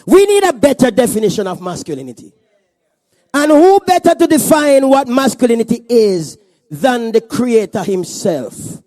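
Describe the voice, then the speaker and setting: A man preaching a sermon as pastor at a church service, animated and joking. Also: very high voice, normal speed, dry recording.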